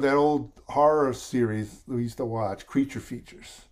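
A man's voice: medium pitch, measured pace, a little mellow. Middle-aged American man, talkative guest storyteller; loose, rambling, mimics others when quoting. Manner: rambling storyteller, quotes others in voices, emotional at times. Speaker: songwriter and lead singer, guest. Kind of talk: casual interview chat.

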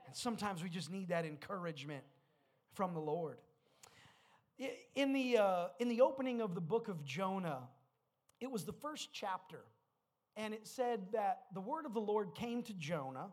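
A man's voice: high voice, sing-song, moderate pace. A man preaching a sermon, who moves between retelling Bible stories and rising exhortation, often repeating words as he restarts. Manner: builds from storytelling to loud exhortation. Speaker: pastor.

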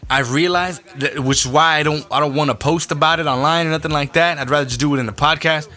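A man's voice: on the high side, fairly even intonation, fast talker, pushed and bright, soft background music. A young adult man hosting a podcast, ranting his opinions bluntly with heavy profanity. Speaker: podcast host.

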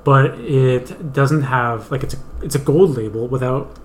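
Young man, podcast co-host, casual storytelling, medium pitch, faint background hiss. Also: unhurried. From Canada. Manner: chatty storyteller, many fillers. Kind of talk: casual chat.

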